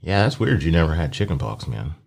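A man's voice: very deep voice, big pitch swings, brisk, a little mellow. A man in a casual chat, teasing and wisecracking at his friend.

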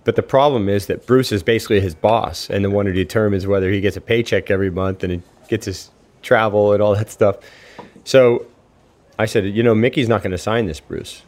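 A man's voice: fairly low pitch, a little fast, darkish tone. A man, a professional surfer, casually recounting anecdotes with fillers and quoted dialogue.

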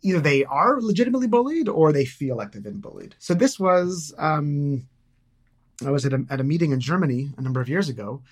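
A man's voice: a little high, sing-song, fairly quick. A middle-aged man talking casually as a podcast guest, hesitant, with many fillers and restarts. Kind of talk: casual conversation.

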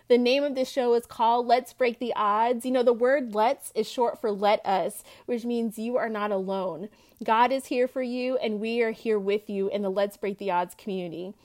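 Earnest woman podcast host, higher voice. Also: a little mellow. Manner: earnest, heartfelt, quoting scripture. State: tearful at times. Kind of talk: personal faith testimony podcast.

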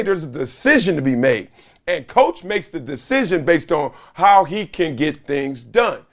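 Loud whoops punctuate this solo sports show, where a middle-aged host with a hoarse, fairly high voice talks in an animated, sarcastic manner.

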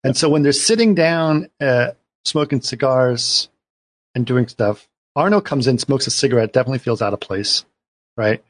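Guy chatting about a movie, slightly husky, dry sound, acts out the lines. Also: mid-range voice, normal speed, dry recording. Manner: animated retelling, acts out quoted lines. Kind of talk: casual film discussion.

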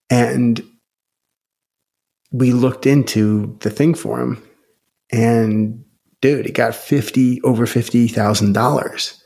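An excited man in a relaxed podcast chat, rambling with many fillers. His voice has a gravelly, creaky texture at a middle male pitch. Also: takes it slowly, pauses often. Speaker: podcast guest. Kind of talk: casual podcast conversation.

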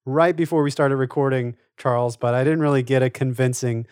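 A man's voice: medium pitch, fairly even intonation, fairly quick, a little mellow, clear, resonant tone, dry recording, studio quality. A man co-hosting a podcast, thinking aloud in rambling casual chat. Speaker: podcast co-host.

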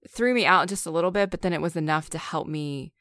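Woman co-host, lowish voice, measured and explanatory, dry close sound. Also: fairly bright tone, no room sound. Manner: measured, explains trivia to the others. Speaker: podcast co-host. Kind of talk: casual film discussion.

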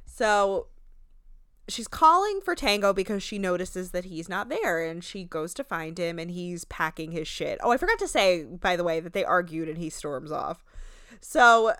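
A young adult woman casually recapping a reality dating show, chatty and animated, acting out quotes and saying "like" a lot. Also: lowish voice, normal speed, smooth, no room sound, clean studio sound. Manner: chatty, animated retelling, frequent "like", acts out quotes. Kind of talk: casual chat.

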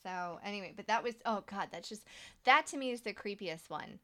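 A woman's voice: medium pitch, expressive, a little fast, a bit bright. A woman co-hosting a casual podcast, reading listener stories aloud, laughing often and swearing freely. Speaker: podcast co-host.

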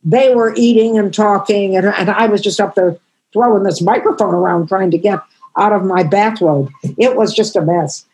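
Older woman in her 80s; husky, halting, emotional; interview guest. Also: medium pitch, darkish tone, poor audio. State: crying. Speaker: comedian guest. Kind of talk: storytelling interview answers.

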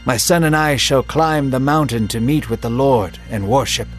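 Guy reading old abraham, grave and sorrowful, mid-pitched, soft music under it. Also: normal speed, close to an everyday voice. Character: Abraham, anguished elderly father.

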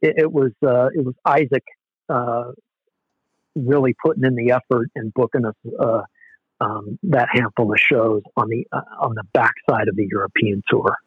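A man's voice: medium pitch, steady tone, normal speed, husky, no echo, narrow, tinny audio. A man, a former hardcore band musician, telling rambling, self-deprecating stories in a casual interview, with many "you know"s.

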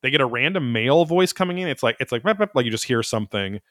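A man's voice: mid-range voice, animated, fast talker, fairly bright tone, no room sound, clean studio sound. A man hosting a podcast, recapping an episode in a rambling, profane, wry casual chat. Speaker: podcast host.

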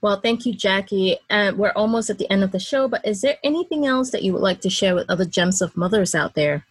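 A woman hosting a faith talk show, responding warmly and affirming her guest. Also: mid-range voice, expressive, a little fast, slightly rough, no echo. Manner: affirming, quiet listener. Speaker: host.

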